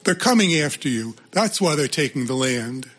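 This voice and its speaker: A man's voice: mid-range voice, very animated, normal speed, fairly bright tone, slightly rough. A man reading a curt, defiant old man. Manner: curt, dismissive.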